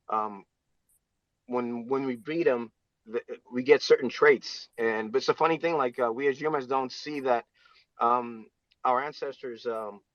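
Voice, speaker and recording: Man, ordinary pitch, halting and filler-heavy, muffled dry call audio. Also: bright, forceful tone, no room sound. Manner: halting, many fillers and restarts. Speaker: audience speaker. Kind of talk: casual live audio chat.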